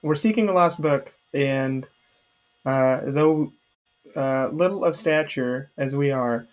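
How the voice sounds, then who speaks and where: A man takes his turn in a tabletop game with a mid-pitched voice. He stumbles and hesitates, filling the gaps with ums and uhs as he tries to speak formally. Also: dull audio. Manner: halting, hesitant, full of fillers. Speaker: player. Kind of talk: casual tabletop role-play.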